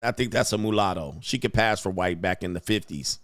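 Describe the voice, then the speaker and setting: A man's voice: deep voice, a little fast, fairly bright tone, dry recording, studio quality. A man hosting a live reaction show, exclaiming, laughing and making mocking asides over clips.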